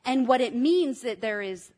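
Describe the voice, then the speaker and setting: A woman preaches with enthusiasm, teaching the congregation and drawing them in to repeat words after her. Her voice is fairly high-pitched yet darkish in tone, animated, and at a normal speed.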